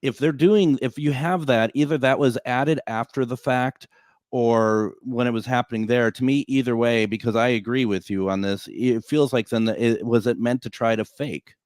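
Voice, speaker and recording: A man's voice: medium pitch, steady tone, normal speed, a little mellow, dry recording, clean studio sound. A man hosting a paranormal talk show, asking rambling questions with frequent restarts. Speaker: host. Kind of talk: casual panel chat.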